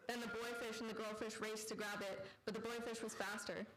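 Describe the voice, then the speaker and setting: A woman author reading her own fiction aloud at a live literary event, in a deadpan storytelling manner. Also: a little high, brisk, background noise.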